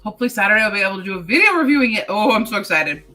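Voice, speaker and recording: A woman's voice: mid-range voice, big pitch swings, very fast, over music, poor audio. A woman hosting a casual writing-sprint livestream. She reads chat comments aloud, laughs often and talks while chewing candy.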